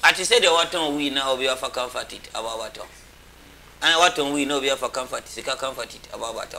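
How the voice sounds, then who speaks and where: A man's voice: medium pitch, a little fast, vocal fry, slight background noise. A man, a comedian guest on a live show, bantering with sudden yelps and chants. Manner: animated, chants and yelps, mixes languages.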